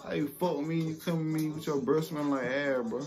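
Young male vlogger, raised pitch, animated and profane storytelling over faint background music. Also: fast. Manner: animated, profane, acts out quotes. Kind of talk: casual storytelling.

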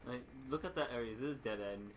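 A man chatting casually over a friend's gameplay with dry teasing remarks and quick asides. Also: medium pitch, low-quality recording. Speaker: co-commentator. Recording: game sound and hiss behind.

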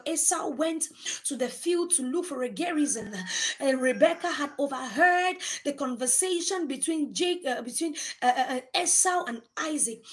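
A woman preaching a sermon, retelling scripture with repeated phrases and acted-out quotes. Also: high voice.

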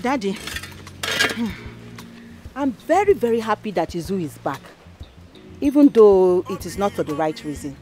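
A woman's voice: mid-range voice, sing-song, measured pace, long pauses, over loud music. A middle-aged woman playing a mother who insistently pleads with her husband to forgive their daughter. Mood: pleading.

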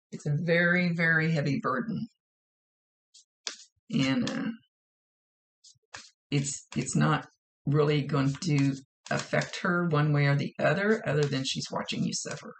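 Gravelly-voiced woman giving a psychic reading. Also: deep voice. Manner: relays messages and gives direct advice, often repeating phrases. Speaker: psychic medium. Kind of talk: casual mediumship reading.

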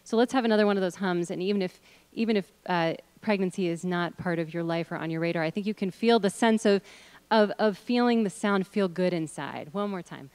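A woman's voice: fairly low pitch, a little fast, darkish tone, smooth, no room sound. A middle-aged woman leading an audience through voice exercises, encouraging them and demonstrating with hums, chants and sung notes. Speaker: workshop leader.

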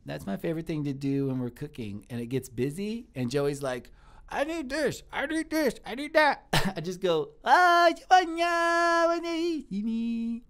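At a normal speed and in a slightly high voice, a man improvises the role of a shy, good-natured restaurant cook in his thirties on a comedy live stream. The cook is earnest, rambles, and warms quickly to compliments.

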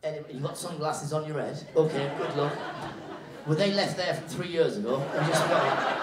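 A man doing live stand-up crowd work, teasing the audience with brisk, playful banter and repeating his own catchphrases. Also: fairly high pitch. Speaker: stand-up comedian. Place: live comedy venue on stage. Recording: echoey live room, mic at a distance.

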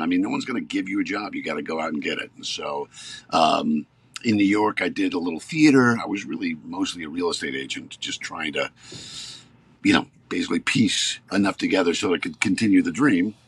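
Gravelly, animated American actor, fifties. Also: male voice, low voice, fairly quick, no room sound. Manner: animated storyteller, gets worked up. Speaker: podcast guest, actor. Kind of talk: casual podcast chat.

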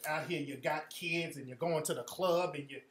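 A man's voice: a little high, normal speed, fairly bright tone, roomy sound, slight background noise, pitched below the performer's own voice, lightly acted. A man voicing a scolding elderly grandmother who lectures a grown grandchild about money in a blunt, exasperated way.

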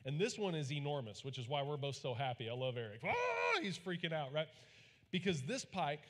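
Folksy pastor in a reverberant hall. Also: male voice, fairly high pitch, expressive, a little fast. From Texas. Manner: folksy, storytelling, calls on the congregation to repeat after him. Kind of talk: sermon. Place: large church hall.

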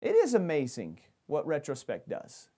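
A man's voice: fairly high pitch, huge pitch swings, normal speed, dark tone, breathy edge. A man preaching a sermon as pastor, talking animatedly and often restarting his phrases.

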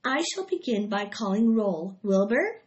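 A woman voicing a wise, bossy female barn spider who speaks calmly and firmly, recorded on a dull lo-fi track. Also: mid-range voice, measured pace.

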